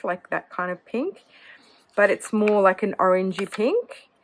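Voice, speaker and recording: A woman's voice: medium pitch, dry recording, low-quality recording. A woman vlogging about her hobby in a cozy, casual chat, often hedging with "kind of". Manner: chatty, hedging with many "kind of"s. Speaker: fountain pen vlogger.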